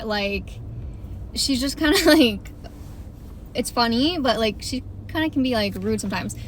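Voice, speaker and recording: A woman's voice: fairly high pitch, a bit bright, a little hiss or hum. A woman telling a casual storytime, chatty and full of fillers, laughing and swearing as she goes. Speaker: vlogger.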